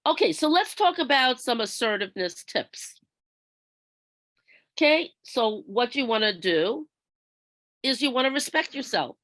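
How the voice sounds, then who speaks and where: A woman trainer with a slightly high voice, talking slowly and deliberately as she explains each point. The sound is dry and close, with no room echo, as if heard over a video call. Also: fairly bright tone. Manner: measured, explanatory, acts out workplace examples. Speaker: workshop trainer. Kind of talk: instructional presentation.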